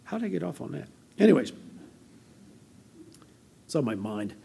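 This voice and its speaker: An older American man delivering a sermon as pastor, conversational and anecdotal, with a gravelly voice. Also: mid-range voice, very animated, moderate pace, warm tone. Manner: conversational preaching with personal anecdotes.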